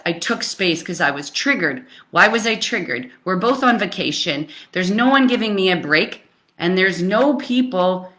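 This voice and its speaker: Bright-voiced woman coaching candidly. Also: on the low side. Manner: candid, emphatic, swears freely; rambling with frequent fillers and restarts. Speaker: relationship coach. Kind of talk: casual live coaching talk.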